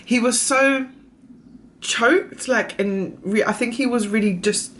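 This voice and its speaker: A woman's voice: a little high, slow pace, fairly bright tone, slight background noise. A young mother, chatting casually in a vlog and rambling through a story full of "I was like" asides. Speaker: vlogger.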